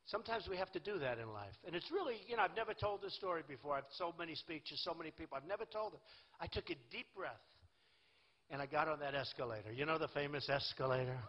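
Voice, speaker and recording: A man's voice: fairly high pitch, animated, fast. A man in his sixties giving a rambling, boastful campaign rally speech in a large venue. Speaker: political candidate. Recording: lo-fi echoey hall recording.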